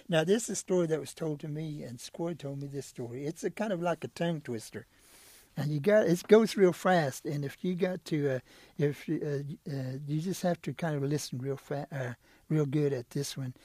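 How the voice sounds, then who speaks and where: Animated male storyteller, slightly husky. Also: fairly high pitch, moderate pace, no echo. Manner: animated, rhythmic, playful, stumbles on words. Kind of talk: oral storytelling.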